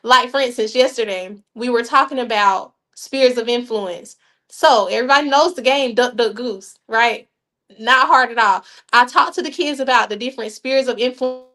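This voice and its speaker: A woman's voice: on the high side, normal speed, sharp tone. A woman leading a youth program, talking animatedly as a podcast guest, laughing and addressing listeners in folksy asides. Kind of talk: casual podcast chat.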